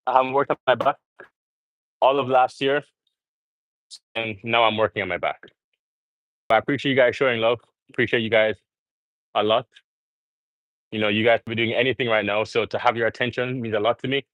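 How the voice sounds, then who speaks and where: A man's voice: medium pitch, steady tone, brisk, long pauses, fairly bright tone, no room sound, dull audio. A young man rambling earnestly to viewers as he livestreams during a gym workout. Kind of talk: casual live-stream chat.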